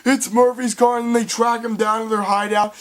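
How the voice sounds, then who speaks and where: A man giving a casual, excitable film review, rambling and swearing as he retells scenes. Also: extremely high pitch, moderate pace, a little hiss or hum.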